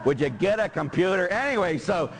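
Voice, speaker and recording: A man's voice: high-pitched, lively intonation, a little fast. A middle-aged man from Pittsburgh, a Catholic priest preaching a sermon and joking with his congregation.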